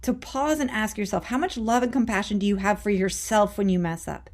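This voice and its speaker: A woman's voice: medium pitch, a little fast, darkish tone. A woman life coach hosting her show, giving an emphatic, conversational motivational talk straight to her listeners, casual and a little salty. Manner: casual with mild swearing and frequent "okay?".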